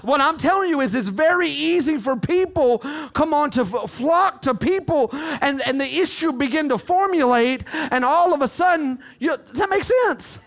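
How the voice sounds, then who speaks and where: A male pastor preaching with a strikingly high voice. He swings from shouted emphasis to hushed, close pleading, and keeps repeating short phrases to drive points home. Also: lively intonation, moderate pace, hardly any pauses. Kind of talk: sermon.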